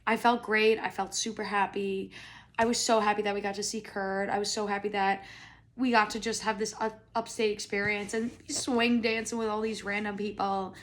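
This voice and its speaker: A young American woman hosting a podcast, telling a comedic story in a chatty, animated way with lots of "like" and some swearing. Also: medium pitch, normal speed. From United States. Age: young adult. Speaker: podcast host.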